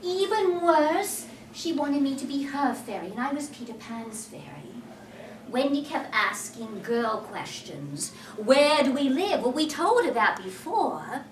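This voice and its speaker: A woman giving a one-woman storytelling performance in character, playful and animated, speaking straight to her listeners, recorded from a distance in a roomy hall. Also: fairly high pitch, a little hiss or hum.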